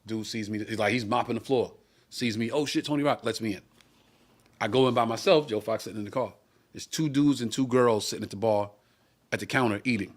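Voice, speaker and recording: Speaking fairly quickly in a lowish male voice, a middle-aged comedian co-hosts a live-streamed talk show. He launches into a lengthy, foul-mouthed story and performs the voices of its characters.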